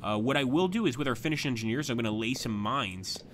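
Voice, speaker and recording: A man commentating his own live stream of a strategy game, chatting to viewers as he plans moves, with sudden bursts of excitement. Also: medium pitch, quick pace, background noise.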